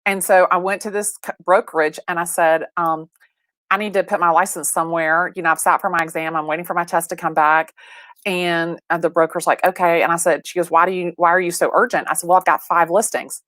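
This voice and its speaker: A cheerful, middle-aged woman with a somewhat low voice, telling stories in a bubbly, animated way. She acts out the other people's lines as she goes. Her voice is close and dry. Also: fairly quick, no echo. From Atlanta, Georgia. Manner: bubbly, animated storyteller acting out dialogue. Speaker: real estate agent, guest. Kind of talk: casual storytelling interview. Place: video call from her home or office.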